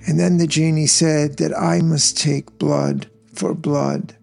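A man narrates a folk tale at a slow, unhurried pace. His voice sits a little high for a man and carries a gravelly texture. Soft music plays faintly underneath. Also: steady tone. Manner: unhurried, measured, with voiced characters in dialogue. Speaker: storyteller.

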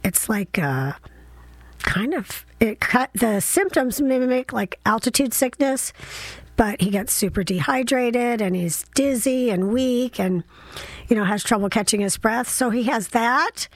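A woman's voice: fairly high pitch, dry recording. Middle-aged woman host, rambling and chatty, dry close-miked sound. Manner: chatty, rambling with fillers and asides. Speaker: podcast host. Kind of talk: casual solo chat.

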